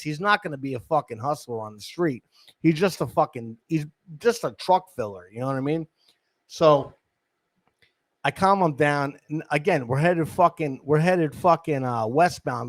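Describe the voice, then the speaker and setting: New man in his thirties, podcast host, profane rambling storyteller, slightly high voice, dry close mic. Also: moderate pace, no echo. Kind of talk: casual storytelling. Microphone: studio microphone.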